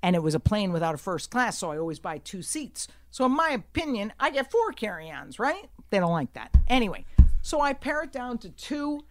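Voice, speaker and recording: A woman telling a story in casual chat, brash and profane, swinging from hushed asides to shouting. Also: medium pitch, very animated, moderate pace.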